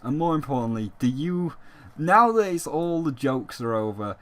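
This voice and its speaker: A man's voice: mid-range voice, expressive, moderate pace, fairly bright tone. A young man giving casual, emphatic gaming commentary on his vlog, swearing freely as he argues his point. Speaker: gaming YouTuber.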